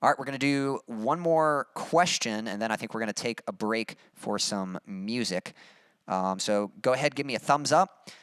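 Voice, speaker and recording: A man's voice: medium pitch, normal speed, fairly bright tone, smooth, no echo, clean studio sound. A young adult man hosting a casual livestream, upbeat and chatty as he reads out viewer comments. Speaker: livestream host and musician.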